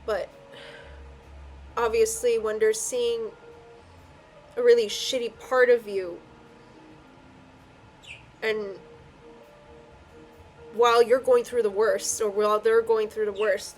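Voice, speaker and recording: A woman's voice: a little high, fairly even intonation, slow, pauses often, darkish tone, a little hiss or hum. Earnest woman giving a spiritual reading. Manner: emotional, tearful at times, earnest. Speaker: tarot and I Ching reader. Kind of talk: heartfelt solo spiritual reading.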